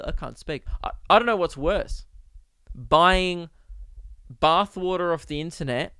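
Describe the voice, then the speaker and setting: A young Australian man hosting a podcast, ranting comically and exasperatedly, jumping into sudden high-pitched outbursts. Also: a bit bright, clear, resonant tone, no room sound, studio quality. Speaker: podcast host. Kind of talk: comedic rant.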